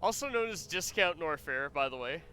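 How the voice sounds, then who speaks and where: A man's voice: a little high, animated, normal speed, pushed and bright. A man streaming a video game, chatting casually as he plays, rambling and joking with frequent laughs. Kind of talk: casual gameplay commentary.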